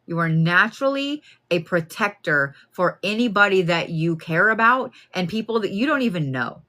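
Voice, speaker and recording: A woman gives a live card reading. She talks plainly and casually, with animated asides, addressing the listener directly. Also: fairly low pitch, moderate pace. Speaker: card reader.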